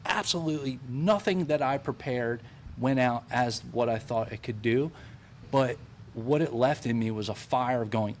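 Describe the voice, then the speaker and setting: A man's voice: medium pitch, animated, moderate pace, a little mellow, a little hiss or hum. A man with an ordinary mid-range voice chats on a podcast as a comedian guest. He talks loosely and casually, with lots of filler words.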